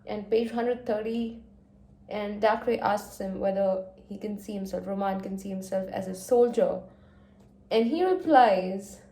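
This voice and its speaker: A young woman reacting emotionally to a book in a casual reading vlog, going from hushed gushing to loud exasperation. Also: mid-range voice, measured pace. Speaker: book vlogger. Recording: echoey room.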